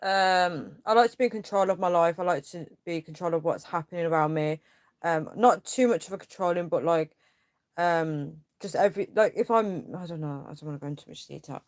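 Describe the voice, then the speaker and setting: A young woman with a lowish voice speaks briskly in clean, studio-quality audio with no room sound. Hosting a casual livestream, she reads viewers' comments aloud and vents her frustration in a rambling way, full of fillers.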